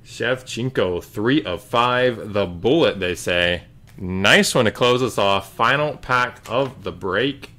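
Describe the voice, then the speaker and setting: A man's voice: lowish voice, slow pace, bright, forceful tone. A man hosting a live trading card break, casually calling out each card as he opens packs.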